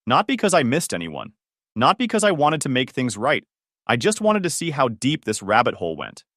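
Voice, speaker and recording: A man calmly narrating a first-person story in scripted narration. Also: mid-range voice, no echo, studio quality.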